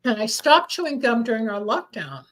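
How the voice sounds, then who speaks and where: A woman's voice: fairly high pitch, very animated, normal speed, low-quality recording. A woman hosting a radio talk show, speaking candidly and rambling through a casual conversation about recovery, with a cough now and then. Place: studio in Los Angeles.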